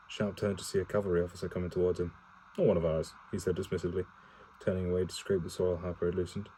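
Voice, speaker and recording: A man's voice: sits low, dark tone, a little hiss or hum, rough recording. A man reading a war novel aloud for his partner in a casual home read-aloud, stumbling and correcting himself, with swearing asides and no character voices.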